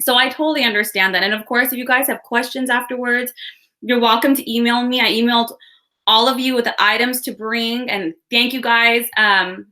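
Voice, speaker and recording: A woman's voice: fairly high pitch, fairly even intonation, fairly quick, bright, forceful tone. Bubbly woman hosting a webinar. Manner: chatty, upbeat, greets viewers by place. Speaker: workshop host. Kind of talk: live webinar chat. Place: home room with window.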